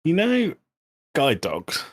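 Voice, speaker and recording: A man's voice: a little high, huge pitch swings, slow pace. A young man from England co-hosting a podcast, swapping jokes and teasing in loose casual banter. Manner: jokey, teasing, swears casually. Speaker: podcast co-host.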